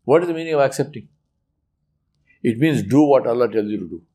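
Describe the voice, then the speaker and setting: A man giving a religious talk, emphatic and animated, acting out little quoted scenes. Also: mid-range voice, fairly quick. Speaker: preacher.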